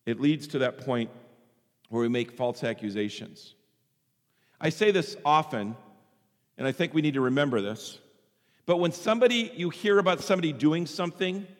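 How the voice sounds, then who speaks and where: Male pastor, slightly high voice, lively sermon delivery, big hall reverb. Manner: animated preaching, acts out quoted voices.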